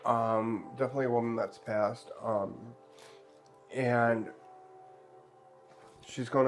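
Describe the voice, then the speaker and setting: A man's voice: medium pitch, steady tone, slow, pauses often, soft background music. A man giving a live-streamed tarot reading in a chatty, joking way, relaying what the spirits tell him. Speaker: tarot card reader.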